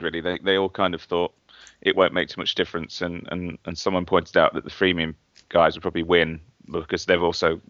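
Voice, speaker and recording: A British man co-hosting a casual tech podcast, talking haltingly with restarts and dry teasing. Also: deep voice, bright, forceful tone, dry recording, muffled recording. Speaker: podcast co-host. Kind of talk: casual chat.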